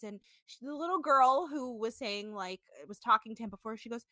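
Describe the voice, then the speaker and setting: A woman's voice: sits high, moderate pace, hardly any pauses, sharp tone, dry recording, clean studio sound. A woman co-hosting a casual podcast, animatedly recapping a reality show, laughing and swearing as she tells it. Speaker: podcast co-host. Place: apartment home.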